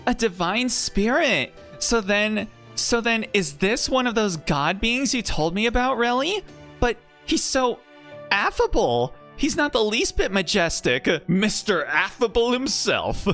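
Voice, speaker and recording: A man's voice: high voice, sing-song, a little slow, pushed and bright, soft background music, voice pushed up, full character voice. A man reading a game aloud and voicing an earnest, curious young woman companion with a questioning lilt.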